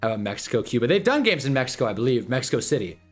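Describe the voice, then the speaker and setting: A man's voice: medium pitch, very animated, very fast, faint music behind. A man hosting a casual livestream watch-along, rambling and joking and laughing often. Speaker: livestream host.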